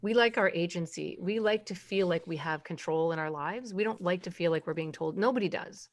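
A woman's voice: on the low side, fairly quick. A middle-aged woman, a parenting expert, explains her approach in a conversational interview. She talks emphatically, asks rhetorical questions and now and then acts out quoted voices.

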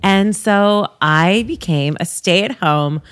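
A woman's voice: medium pitch, takes it slowly, smooth. A middle-aged woman from Canada chatting as a podcast guest, bubbly and laughing often. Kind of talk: casual chat.

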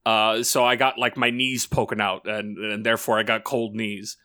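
Bright-voiced man telling crude stories. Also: fairly low pitch, moderate pace. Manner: rambling, profane, animated storytelling. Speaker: podcast co-host. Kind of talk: casual crude podcast banter.

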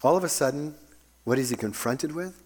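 A man preaching a sermon, calling his listeners loved ones and swinging between ringing emphasis and a hushed near-whisper. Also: medium pitch, animated, a little fast, slightly rough.

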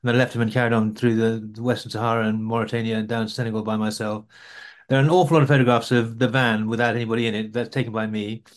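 A man's voice: fairly low pitch, flat delivery, very fast. A man answering interview questions about his overland travels, rambling with frequent restarts.

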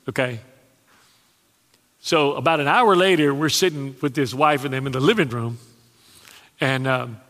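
A man preaching a sermon, telling stories with dramatic pauses and chuckling asides. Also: on the high side, a bit bright. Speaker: pastor. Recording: long hall reverb.

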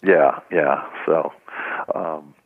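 A man's voice: rumbling low, drawn-out words, breathy edge, phone-quality sound. An older man, a retired baseball trainer, telling stories in a casual interview and acting out the voices of the people in them. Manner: animated storyteller acting out quotes, laughs often. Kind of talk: casual storytelling in a podcast interview.

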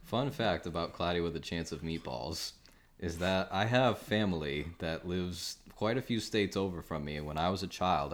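A man hosting a movie podcast, talking in a dry, wry, casual way. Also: sits low. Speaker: podcast host. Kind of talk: casual chat.

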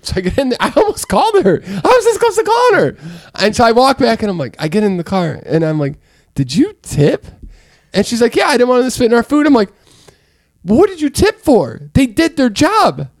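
A man co-hosting a casual podcast chat, telling stories in an animated, exasperated way. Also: very high-pitched, quick pace, no room sound, studio quality. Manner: animated storyteller, exasperated rants. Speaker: podcast co-host.

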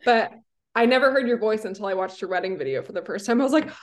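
A woman's voice: medium pitch, expressive, quick pace. A woman hosting a podcast, asking questions in an enthusiastic, gushing casual chat. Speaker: podcast host.

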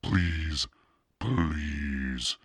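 An eager preteen girl who begs and gushes, as a man reads her in an audiobook. The voice sits very low with a gravelly, husky edge. It sounds dry and close. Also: extremely slow, no room sound, full character voice. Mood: eager pleading. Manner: breathless, begging, gushing. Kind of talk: audiobook reading.

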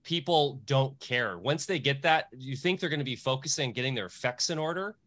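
A man's voice: medium pitch, lively intonation, a little fast, a bit bright. A man co-hosting an interview, talking earnestly with many fillers. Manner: earnest, filler-heavy, emotional. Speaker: podcast co-host. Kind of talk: casual interview talk.

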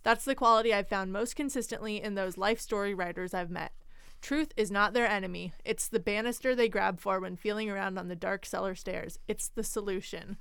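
A woman's voice: medium pitch, fairly quick, creaky, a bit bright, clean tone, no echo, clean studio sound. A young adult woman co-hosting a podcast, chatting casually about books, laughing often and reading quotes aloud. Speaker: podcast co-host. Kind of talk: casual book chat.

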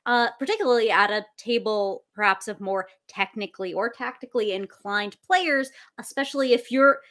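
A woman's voice: a little high, normal speed, a bit bright. Playful, wry woman podcast host. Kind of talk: casual interview talk.

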